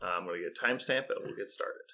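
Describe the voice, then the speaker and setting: Bright-voiced man hosting a podcast. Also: low-pitched, rapid-fire. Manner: laughs often while retelling scenes. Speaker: podcast host. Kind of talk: casual chat.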